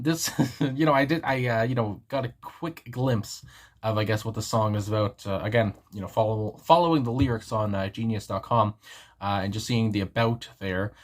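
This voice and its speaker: A man hosting a music reaction video, talking casually and rambling with lots of fillers and restarts. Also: on the low side. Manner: rambling, filler-heavy, frequent laughs. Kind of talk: casual song reaction commentary.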